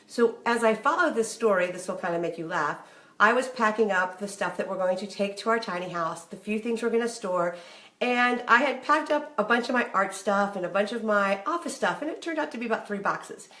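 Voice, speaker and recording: A middle-aged woman talks straight to camera in a candid, conversational way, acting out snatches of remembered arguments as she goes. Her voice sits at a middling pitch, and the room around her is noticeably echoey. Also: brisk, a bit bright. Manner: chatty, candid, acts out remembered dialogue. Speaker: marriage advice host. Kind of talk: casual talk to camera.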